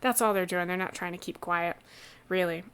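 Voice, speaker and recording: A woman running a tabletop role-playing game as game master, describing scenes in a relaxed, halting way with many restarts. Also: lowish voice, clear, resonant tone.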